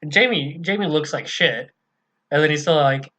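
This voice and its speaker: A man's voice: a little high, measured pace, pushed and bright, poor audio. Casual man co-hosting a book podcast. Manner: casual, profane, reads quoted passages aloud. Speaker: podcast co-host.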